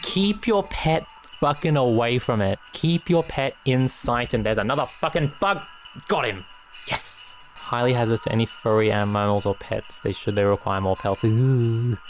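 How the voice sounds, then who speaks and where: A man streaming a game, swearing casually, reading aloud and thinking out loud. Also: medium pitch, normal speed. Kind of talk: casual let's-play commentary. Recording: game music playing behind.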